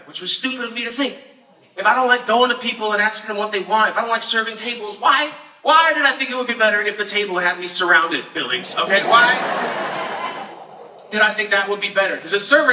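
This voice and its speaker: This young comedian performs stand-up at a festival, firing off sarcastic, punchy stories and playing to the live audience. He speaks fast in a high, expressive voice that feels pushed and bright. The mic sits far away in a reverberant room, and the audio is noisy.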